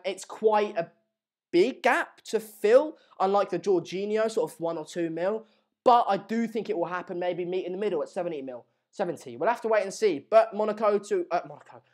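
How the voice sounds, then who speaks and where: A woman hosting a casual live football transfer stream, talking in excitable, rambling banter full of asides. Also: lowish voice. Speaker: host of a live transfer news show.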